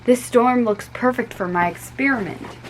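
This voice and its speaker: A woman's voice: a little high, normal speed, slight background noise, voice pushed up, close to an everyday voice, rough recording. A woman reading as eager schoolboy Johnny.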